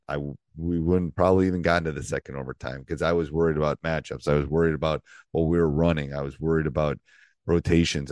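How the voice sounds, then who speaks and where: A man's voice: very deep voice, darkish tone, no echo. A middle-aged man, a basketball coach, hosting his podcast in a casual, rambling way with many restarts. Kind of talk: casual solo podcast talk.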